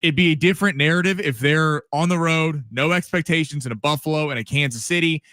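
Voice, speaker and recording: A man's voice: a little high, quick pace, bright, forceful tone, no echo. A man co-hosting a sports radio show, giving strong opinions with many restarts. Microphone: studio mic.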